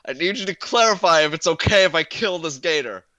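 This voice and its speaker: Animated man playing a tabletop game. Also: on the high side, brisk, dry recording. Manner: joking, eager questions. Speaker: player. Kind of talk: casual tabletop game chat.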